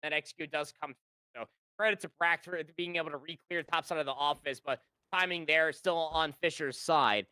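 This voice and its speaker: A man's voice: fairly high pitch, moderate pace, pushed and bright, clean tone, no room sound. A man giving live esports color commentary, chatty and rambling, with lots of fillers as he breaks down plays. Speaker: esports caster.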